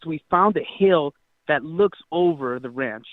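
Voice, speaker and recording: A man's voice: fairly high pitch, lively intonation, unhurried, dry recording. A young man calling in from Utah, telling his story in a rambling, casual way with lots of fillers and swearing. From Utah, United States. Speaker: caller. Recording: tinny dry phone line.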